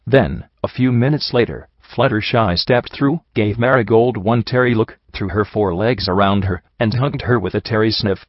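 A man's voice: fairly low pitch, normal speed, hardly any pauses, no echo, muffled recording. A man narrating a fan fiction audiobook, giving every character in his own voice with small shifts.

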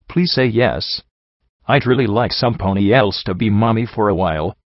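A man's voice: fairly low pitch, moderate pace, dry recording, muffled recording, natural voice. A man voicing an anxious, conflicted young female pegasus in a story reading, speaking hesitantly. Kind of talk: audiobook reading.

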